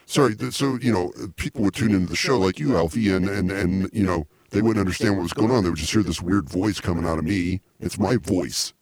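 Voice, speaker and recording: A man hosting a comedy podcast, rambling excitably with many restarts. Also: deep voice, brisk, hardly any pauses, crowd noise. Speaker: podcast host.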